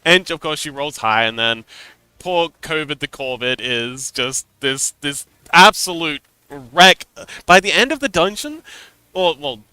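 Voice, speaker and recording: A man's voice: on the high side, animated, a little slow, pushed and bright, clean tone, no echo. A man chatting casually on a livestream as a game master, telling a story animatedly and laughing often.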